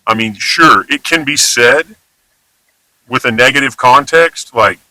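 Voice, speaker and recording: A man's voice: mid-range voice, slow, pauses often, bright, forceful tone, no echo, poor audio. A man from Houston with a Texan accent, talking in an emphatic, rambling, casually profane monologue. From Houston, Texas. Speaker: vlogger.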